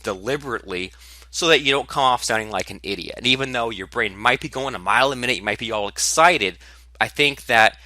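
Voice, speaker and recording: Guy doing a solo podcast, super bright voice, dry close sound, talks candid n punchy. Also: lowish voice, no echo. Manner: candid, self-deprecating, animated emphasis. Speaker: podcast host.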